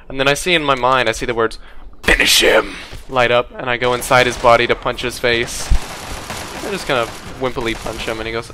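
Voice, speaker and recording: Man, casual gameplay commentary, wry, rambling, game gunfire in background, mid-pitched voice. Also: fairly even intonation, brisk. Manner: wry, rambling, puts on silly voices for enemies. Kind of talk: casual let's play commentary. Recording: game audio noise behind voice. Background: gunfire and game sounds.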